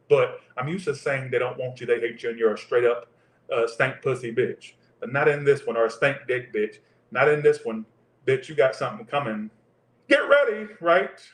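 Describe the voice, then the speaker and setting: A man doing a live tarot reading, talking in crude, profane, joking banter. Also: medium pitch. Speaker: tarot reader. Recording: roomy echo.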